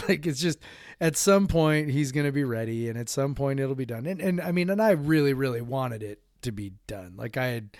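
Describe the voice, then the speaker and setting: A man's voice: mid-range voice, a little mellow, no room sound, studio quality. A man in his thirties co-hosting a podcast in casual chat, rambling with frequent laughs and restarts. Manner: rambling, laughs often, acts out kids' voices. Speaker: podcast co-host.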